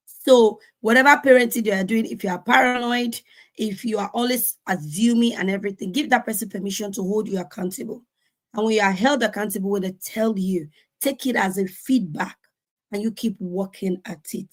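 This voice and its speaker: Earnest woman telling a parenting story. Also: medium pitch. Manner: earnest, animated, acts out quotes. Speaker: conference speaker. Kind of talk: sharing personal parenting story. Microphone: video call.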